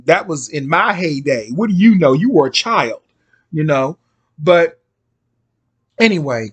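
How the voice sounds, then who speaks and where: Chatty middle-aged man, slightly high voice. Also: a bit bright. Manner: chatty, rambling, slangy asides. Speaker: host. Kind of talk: casual commentary monologue.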